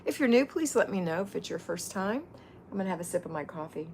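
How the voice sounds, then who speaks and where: Woman, middle-aged, low-pitched, livestream host, chatty, greets viewers by name, faint background noise. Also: lively intonation, quick pace, a little mellow. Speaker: livestream host and home-organizing mentor. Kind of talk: casual livestream chat.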